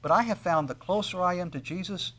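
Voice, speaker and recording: A middle-aged male pastor preaching a sermon, building to loud, soaring emphasis on scripture readings and then dropping back to a quiet, personal tone. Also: high voice, fairly quick.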